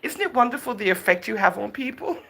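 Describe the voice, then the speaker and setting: Livestream host, woman, chatty and teasing, with a bright voice that swoops up and down; laughs a lot and answers comments as they come. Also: fairly high pitch, animated, fast talker, vocal fry, husky. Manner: chatty and teasing, often laughing, calls viewers darling and girl. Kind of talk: casual livestream chat, reading out viewer comments.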